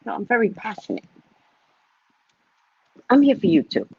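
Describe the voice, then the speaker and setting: A woman in her fifties, a psychic reader, telling stories in a dramatic, animated way and speaking to her viewers like family on a casual livestream. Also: medium pitch, moderate pace, vocal fry, slightly rough, no echo, phone-quality sound. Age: 50s.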